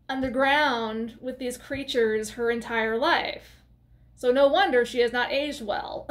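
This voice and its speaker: A woman's voice: fairly high pitch, measured pace. A woman casually retelling a horror film plot for her review vlog, chatty and full of fillers and restarts. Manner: chatty, laughs while telling. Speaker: movie review vlogger.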